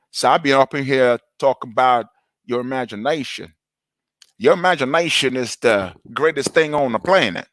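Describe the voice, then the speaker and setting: Man doing a drawling older narrator impression, slow and easygoing, dry room. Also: medium pitch, fairly bright tone, dry recording, pitched above the performer's own voice, lightly acted. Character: impression of a deep-voiced older American male narrator.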